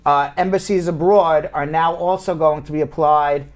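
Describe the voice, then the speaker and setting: A man in a casual live show, an immigration lawyer and host, swinging from loud joking to sober explanation. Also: on the high side, fairly even intonation, moderate pace.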